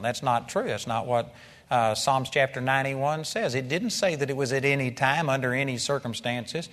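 A man's voice: medium pitch, moderate pace, fairly bright tone. A man preaching a sermon to a congregation, impassioned and repetitive, building to emphatic peaks. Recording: long reverb of a large hall.

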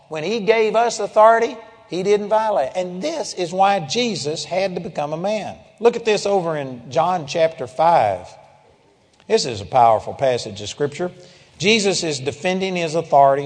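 A man preaching a sermon, emphatic, swinging between loud declarations and low, intense passages. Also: lively intonation, moderate pace, big-room sound.

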